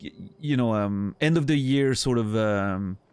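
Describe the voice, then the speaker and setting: A man's voice: mid-range voice, unhurried, darkish tone, smooth. Rambling man chatting on stream. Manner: rambling, many restarts and fillers, laughs easily. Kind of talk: casual chat with viewers.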